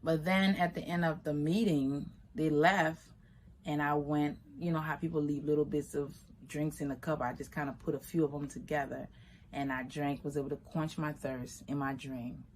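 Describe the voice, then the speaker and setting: A woman from Liberia in her thirties, telling a personal story in an unhurried, reflective way. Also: low voice, fairly even intonation, a little mellow, slight background noise. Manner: unhurried, reflective, slips into quoted voices.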